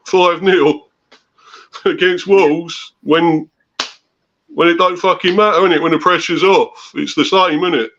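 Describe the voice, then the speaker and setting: A man's voice: fairly high pitch, steady tone, unhurried, pauses often, a bit bright, a little hiss or hum. Laid-back Cockney man on a dull line. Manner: laid-back, full of fillers, laughing often. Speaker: caller. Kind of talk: casual football call-in chat. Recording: dull lo-fi call audio.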